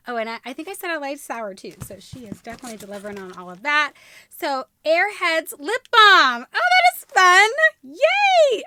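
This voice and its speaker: Bubbly high-voiced woman gushing over gifts. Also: bright, forceful tone, slight background noise. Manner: gushing, squealing with delight. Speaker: YouTube host unboxing a gift box. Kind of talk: bubbly unboxing vlog.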